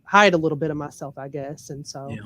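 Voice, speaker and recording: A lawyer and comedian from Memphis, USA, speaks as a podcast guest in a low, brisk, slightly bright voice. Her thick Southern accent comes through as she talks candidly and emphatically in casual interview style.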